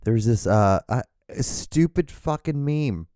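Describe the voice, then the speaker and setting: A man's voice: medium pitch, animated, measured pace, warm tone, no room sound, clean studio sound. A man hosting a solo podcast, rambling and ranting with lots of swearing and restarts. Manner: rambling and profane, rants with frequent restarts. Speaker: podcast host.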